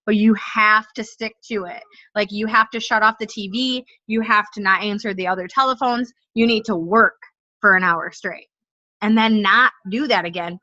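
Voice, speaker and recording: A woman in her thirties with a fairly high, sharp voice gives her sales team an upbeat, direct pep talk, sounding stuffy from allergies. She's a network marketing team leader, and the recording is dull, dry, and lo-fi with no room sound.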